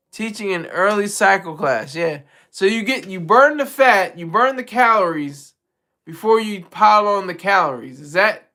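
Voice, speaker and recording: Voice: medium pitch, bright, forceful tone. A live-stream host chatting casually with viewers, rambling, restarting sentences and laughing often. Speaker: livestream host.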